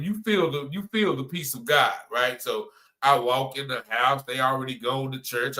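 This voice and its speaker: Bright-voiced man testifying. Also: mid-range voice. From North Carolina. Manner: conversational, repeats phrases, many "you know" and "man" fillers. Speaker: person giving a testimony. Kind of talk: spoken religious testimony.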